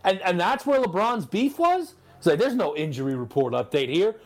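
A man's voice: sits high, sing-song, normal speed. A man co-hosting a sports talk show, riffing casually and playing out imagined quotes. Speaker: sports radio co-host.

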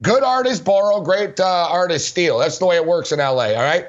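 Male sports radio host, a bit high-pitched, loose and laughing anecdotes, muffled lo-fi recording. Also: fairly quick. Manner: rambling, laughing often, heavy use of "like". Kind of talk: casual anecdotal storytelling. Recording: dull lo-fi recording.

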